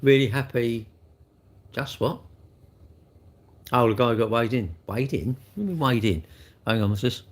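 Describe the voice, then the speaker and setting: A man's voice: mid-range voice, lively intonation, normal speed, pauses often. A middle-aged man, hosting a casual live stream where he reads viewer comments and chats bluntly, rambling with restarts and tag questions. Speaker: livestream host.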